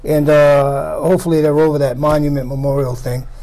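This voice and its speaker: Rambling middle-aged man, higher voice. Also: flat delivery, brisk, mellow. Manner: rambling, many fillers and restarts. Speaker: host. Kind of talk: casual chat.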